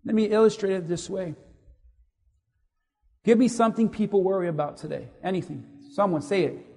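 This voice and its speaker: A man preaching a sermon to a congregation, animated and asking the audience questions. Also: high-pitched, brisk, gravelly. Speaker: pastor. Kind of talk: sermon with audience call-and-response. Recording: echoey hall reverb.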